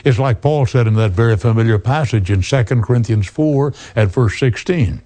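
A man's voice: medium pitch, normal speed, dark tone. An older man preaching a sermon, earnestly quoting scripture with chapter and verse and asking rhetorical questions.

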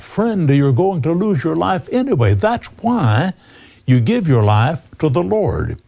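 A man's voice: on the high side, big pitch swings, normal speed, gravelly, dark tone. A man preaching a radio sermon, emphatic, addressing the listener as friend.

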